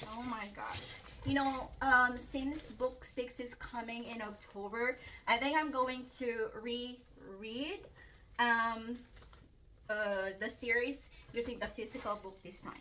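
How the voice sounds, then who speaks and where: A chatty woman filming an unboxing at home, her fairly high voice gushing and gasping with excitement between plenty of fillers. She talks at an unhurried pace. The mic sits a little away from her, with a faint hiss of noise behind. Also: distant mic. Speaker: book vlogger. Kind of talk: casual unboxing vlog.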